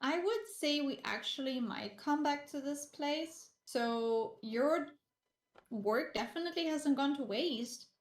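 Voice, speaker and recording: A woman player explains the party's plans at a slow, steady pace. Her voice is high, and the room around her has a clear echo. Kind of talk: casual tabletop play.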